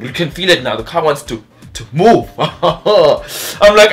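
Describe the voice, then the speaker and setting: Young guy telling a story on his vlog, super animated, doing voices, lil music in the back. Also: fairly high pitch, a little slow. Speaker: vlogger.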